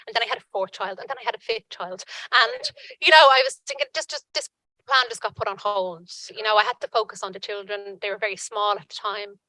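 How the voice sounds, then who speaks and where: A woman giving earnest personal testimony at a conference panel, halting with frequent restarts. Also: medium pitch, sharp tone, no echo, rough recording.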